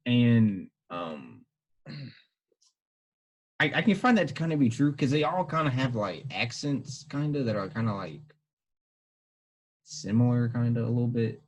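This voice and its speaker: A husky-voiced young man chats loosely as a podcast co-host. His pitch swings up and down in a lively way. He rambles and hedges, often correcting himself mid-thought. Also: measured pace, pauses often, rough recording. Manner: rambling, hedging, self-correcting. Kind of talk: casual chat.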